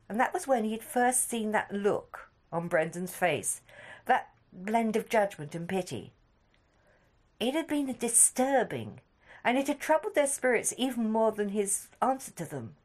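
Expressive woman telling a story. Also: mid-range voice. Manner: measured, expressive storytelling with soft dips. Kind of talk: scripted story narration.

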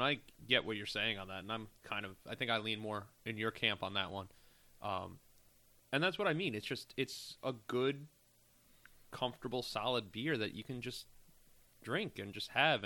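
A man's voice: medium pitch, lively intonation, moderate pace, bright, forceful tone. A man hosting a casual beer podcast, musing in an easygoing, rambling way. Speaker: podcast host. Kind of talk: casual chat.

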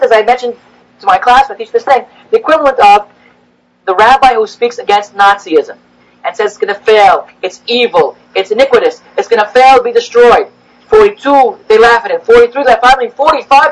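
Animated rabbi teaching a class. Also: male voice, fairly quick, rough recording. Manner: animated, rises in pitch when acting out prophets' complaints. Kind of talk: classroom lecture.

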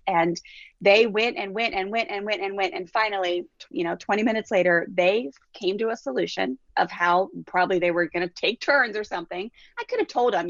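Woman in her forties, parenting coach guest, storytelling, gravelly, dry close sound. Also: mid-range voice, brisk, no echo. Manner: animated, acts out quotes in different voices. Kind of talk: casual interview storytelling. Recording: dull dry lo-fi recording.

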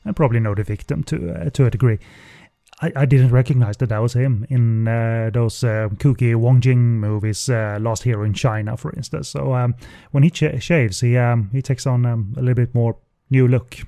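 Man, podcast host, casual chat, warm tone, dry close mic. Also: mid-range voice, normal speed, vocal fry, no room sound. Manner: relaxed, hesitant with many fillers.

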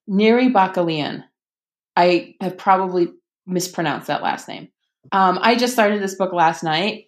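A woman author talking casually about books, chatty, with many fillers and animated quoting. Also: on the low side. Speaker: author guest. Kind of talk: casual podcast conversation.

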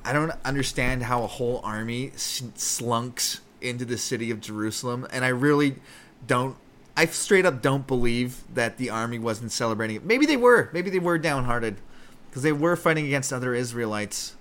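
A man's voice: medium pitch, animated, moderate pace, fairly bright tone. Rambling, profane man on a podcast. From Canada. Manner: profane, rambling, self-interrupting. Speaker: podcast host. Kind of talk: casual comedic Bible commentary.

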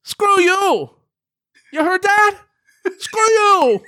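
A man mocking a panicky male movie hero with frantic, shrill yelling. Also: animated, extremely slow, full character voice.

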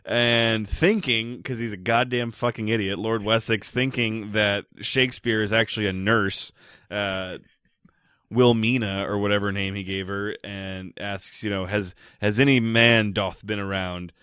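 A man's voice: lowish voice, fairly even intonation, measured pace, sharp tone, clear, resonant tone, no room sound, studio quality. A man co-hosting a podcast, recapping a movie's plot in casual, profane, joking chat. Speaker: podcast co-host.

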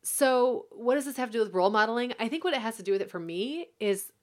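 A woman co-hosting a podcast, chatting casually and telling animated stories about her children. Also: fairly high pitch, fast. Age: adult, mother of several children. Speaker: podcast co-host. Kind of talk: casual chat.

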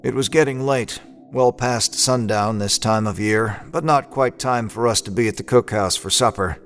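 A man's voice: medium pitch, moderate pace, slight background noise. A man narrating an audio drama in the first person, with a folksy old-timey drawl and a laid-back, wry manner.

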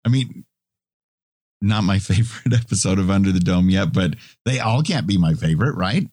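A man co-hosting a podcast in casual chat, with a relaxed, wry way of talking. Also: sits low, normal speed, breathy edge, no room sound, clean studio sound. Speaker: podcast co-host.

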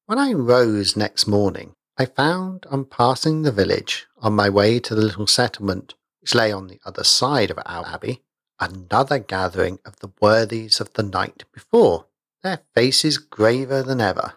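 A man's voice: on the low side, expressive, normal speed, a bit bright, no room sound, studio quality. Man reading a story aloud. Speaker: narrator. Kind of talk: audiobook reading.

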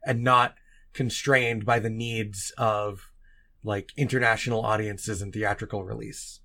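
A man's voice: on the low side, little pitch movement, unhurried, vocal fry, bright, forceful tone. A young man co-hosting a casual podcast chat, making dry, wry asides. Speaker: podcast co-host.

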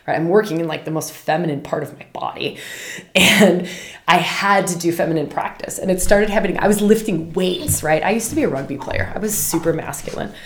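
A middle-aged woman hosting a podcast, teaching meditation in a chatty, animated way and laughing often. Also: lowish voice. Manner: animated, chatty, laughs often, scolds her puppy mid-talk. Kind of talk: casual spoken teaching. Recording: echoey room.

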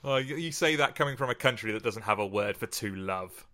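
Bright-voiced man hosting a podcast. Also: fairly low pitch, expressive, brisk. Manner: dry, teasing, laughs often. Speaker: podcast host. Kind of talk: casual chat. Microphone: close podcast mic, wearing earbuds.

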